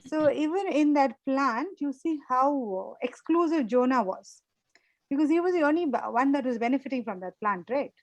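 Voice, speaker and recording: Woman teaching a bible study, kinda high voice, chatty, keeps asking the group questions, dry close sound. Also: animated, normal speed, no room sound, low-quality recording. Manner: conversational, repeats points, asks the group questions.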